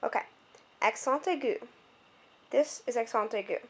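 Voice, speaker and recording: A woman's voice: a little high, slight background noise. Young woman tutoring French on camera. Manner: explains clearly, pauses to adjust the camera. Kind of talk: homemade video lesson.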